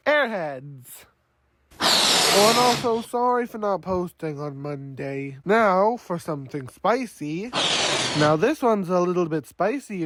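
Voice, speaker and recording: A woman giving casual gameplay commentary, rambling along and now and then bursting out loudly. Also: fairly low pitch, heavy background noise. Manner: rambling, with sudden loud outbursts. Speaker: gaming video creator.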